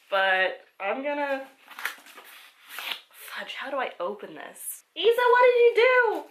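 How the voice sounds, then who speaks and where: A woman chatting casually as she unboxes a package at a table, excitable and giggly, talking to the items as she finds them. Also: on the high side, a little hiss or hum. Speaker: vlogger. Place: indoors at a table.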